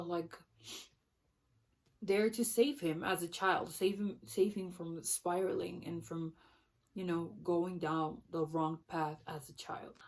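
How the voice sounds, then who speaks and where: A woman with a fairly low voice discusses a book at a slow, unhurried pace. She talks in a casual, thoughtful way, pausing to search for words and often backing up to restart a phrase. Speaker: book vlogger.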